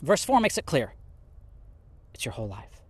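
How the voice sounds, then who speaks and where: A man giving a casual podcast sermon on scripture, animated and laughing often as he acts out quotes. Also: mid-range voice, normal speed, husky, dry recording. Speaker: podcast Bible teacher.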